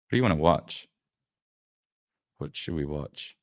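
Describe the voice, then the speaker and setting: A man hosts a loose, meandering livestream, talking straight to his viewers and swearing freely. His voice sits very low, and the sound is dry and close, with no room echo. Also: expressive, unhurried. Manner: rambling, loose and profane, chatting to viewers. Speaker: livestream host. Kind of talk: casual livestream chat.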